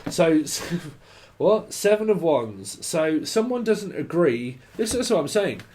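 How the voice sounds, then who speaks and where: A man's voice: fairly high pitch, very animated, measured pace, a little mellow, slight background noise. A man giving a casual, rambling tarot reading, often swearing and laughing. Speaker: tarot reader.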